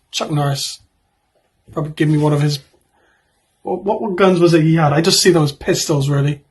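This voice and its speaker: A man's voice: fairly high pitch, flat delivery, normal speed, pauses often, a little mellow, slightly rough. A man in his twenties, a YouTuber, reading out would-you-rather questions and answering them in a rambling, joking way with offhand asides.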